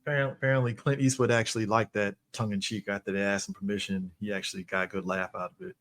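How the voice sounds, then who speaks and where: A man's voice: fairly low pitch, flat delivery, very fast, fairly bright tone. A man co-hosting a podcast, musing and rambling through his opinions in casual banter, laughing easily. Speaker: podcast co-host. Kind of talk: casual movie-review banter.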